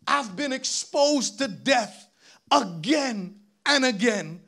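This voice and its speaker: High, bright-voiced preacher, animated sermon. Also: male voice, takes it slowly, slightly rough. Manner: reads scripture aloud, asks congregation to read on, rising to shouts.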